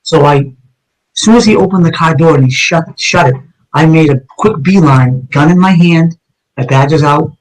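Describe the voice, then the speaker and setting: Middle-aged ex-cop guest, high-ish voice, intense retelling full of restarts. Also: male voice, normal speed, poor audio. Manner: vivid and intense, with frequent restarts and repeated words. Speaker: retired detective telling his story as a guest. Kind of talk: dramatic first-person storytelling in an interview.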